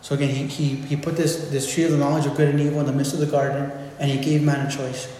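A man's voice: medium pitch, flat delivery, fast, dark tone, a little hiss or hum. A man giving an informal, conversational sermon, often restarting and repeating words as he explains. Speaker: preacher. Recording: echoey hall with faint ambience.

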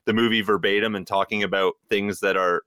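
A man co-hosting a casual podcast, his voice low-pitched but bright and forward. He rambles with frequent fillers and restarts. The recording is dry and close. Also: steady tone, brisk, clear, resonant tone, no echo. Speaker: podcast co-host.

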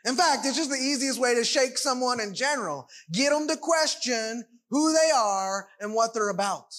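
A man's voice: extremely high pitch, fairly bright tone. A man preaching a sermon, emphatic and full of rhetorical questions.

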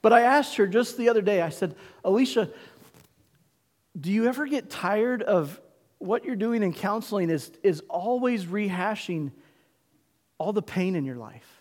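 High-voiced male pastor preaching in a hall. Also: expressive. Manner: emphatic, call-and-response preaching with dramatic pauses. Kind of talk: sermon. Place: church sanctuary.

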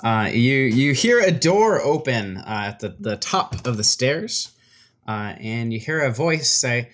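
A woman narrating a tabletop game as game master, relaxed and halting with fillers. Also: extremely low pitch.

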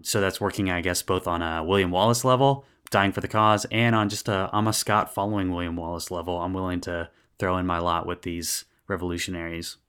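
A man's voice: deep voice, fairly even intonation, a little fast, hardly any pauses, fairly bright tone, clean tone. A man hosting a podcast about faith and film, talking in an earnest, thoughtful way. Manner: earnest, thoughtful, reads quotes aloud. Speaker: podcast host. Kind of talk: casual podcast discussion.

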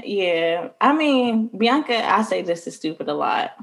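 A woman's voice: mid-range voice, lively intonation, a little slow, gravelly. A woman co-hosting a podcast in casual chat, playful and laughing often. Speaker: podcast co-host.

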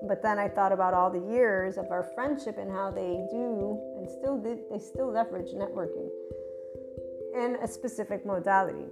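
A woman holds forth in a rambling, unscripted monologue, slipping into quoted back-and-forth arguments and casual swearing. Her voice sits in a middle register. Guitar music plays plainly behind her the whole time. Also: medium pitch. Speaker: spiritual channeler sharing stories.

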